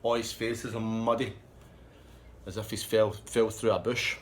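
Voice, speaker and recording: A man telling a rambling, profane anecdote in a casual, lively way. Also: on the low side, unhurried, slight background noise. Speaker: storyteller.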